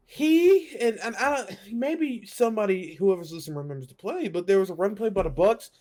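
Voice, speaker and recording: A man's voice: sits high, expressive, a little fast, darkish tone. A man co-hosting a sports podcast, speaking bluntly and emphatically, often ending lines with "man". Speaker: podcast co-host. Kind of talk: casual sports podcast chat.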